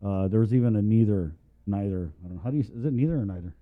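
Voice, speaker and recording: A man's voice: fairly low pitch, expressive, very fast, narrow, tinny audio. A man co-hosting a morning radio show, chatting and joking in a loose, rambling way. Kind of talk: casual morning show banter.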